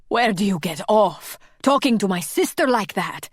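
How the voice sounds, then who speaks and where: A woman voicing a sharp-tongued, protective young woman who snaps back hard. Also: mid-range voice, expressive, normal speed, breathy edge, dry recording, studio quality, voice pushed up. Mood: snapping. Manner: sharp, snapping. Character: protective, fiery young woman, art teacher.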